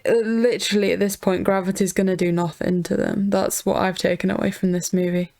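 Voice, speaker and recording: A woman's voice: medium pitch, little pitch movement, brisk, creaky, darkish tone. A woman co-hosting a casual film review chat, wry and dryly critical. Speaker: podcast co-host reviewing a film.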